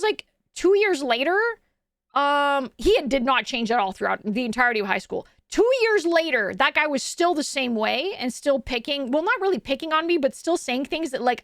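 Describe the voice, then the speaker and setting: A woman's voice: sits high, fairly bright tone, no room sound, studio quality. A young adult woman streamer chatting casually and telling a story while reading chat aloud.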